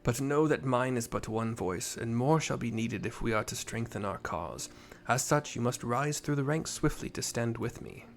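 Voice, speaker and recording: A man reading the lines of a composed male military commander in a game, in a formal, measured way. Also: mid-range voice, natural voice.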